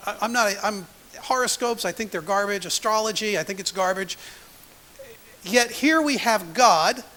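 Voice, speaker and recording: A man's voice: high-pitched, pushed and bright. A man preaching a sermon as pastor, telling a story and acting out its quotes. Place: church sanctuary. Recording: long church hall reverb.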